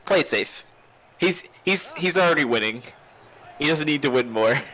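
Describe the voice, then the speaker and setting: A man's voice: fairly high pitch, expressive, normal speed, sharp tone, poor audio. A man giving casual play-by-play commentary on a tabletop game stream, laid-back and cautious, often chuckling.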